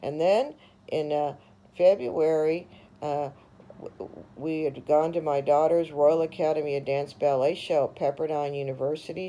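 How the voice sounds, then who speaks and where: A woman's voice: low voice, mellow, poor audio. A middle-aged woman, a former realtor, telling her own story in a rambling, aggrieved monologue full of fillers and restarts. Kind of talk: personal monologue.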